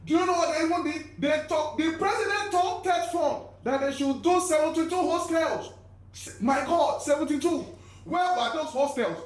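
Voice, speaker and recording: A man's voice: very high voice, moderate pace. A man playing a pompous male crisis expert who rambles and gets worked up. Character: self-important male crisis expert, fussy about his name. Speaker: comic guest expert. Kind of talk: sketch comedy acting. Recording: echoey room.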